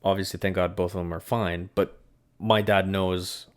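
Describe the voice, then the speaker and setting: A man as a podcast guest, telling a story in casual chat, his voice jumping up when he gets excited. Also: sits low, normal speed.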